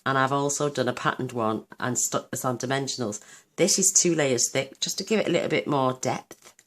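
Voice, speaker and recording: Chatty croaky-voiced woman crafter. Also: a bass voice, fairly quick. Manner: chatty, enthusiastic, talks while working. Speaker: craft channel host. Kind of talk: casual card-making tutorial.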